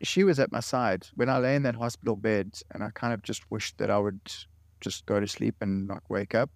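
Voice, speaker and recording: A man's voice: lowish voice, fairly even intonation, a little fast, vocal fry, no echo, studio quality. A man in his late forties, a guest in an interview, telling stories earnestly and often repeating words. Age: late 40s. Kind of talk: interview conversation.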